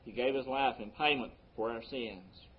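A man pastor preaching a sermon, his voice swelling on key words and dropping low between them. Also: normal speed, muffled recording, a little hiss or hum. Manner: preaching with sweeping rises and drops in loudness.

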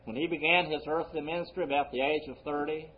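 A man's voice: fairly high pitch, steady tone. Man preaching a sermon, dull lo-fi recording. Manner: preaching with sudden loud emphasis and slowed-down quotes. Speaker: pastor.

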